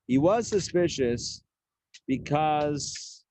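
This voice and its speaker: Chatty man teaching a lively class. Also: a little high, very slow, no echo. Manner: lively and chatty, acting out the quoted characters. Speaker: rabbi teaching a Torah class. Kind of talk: live conversational Torah class.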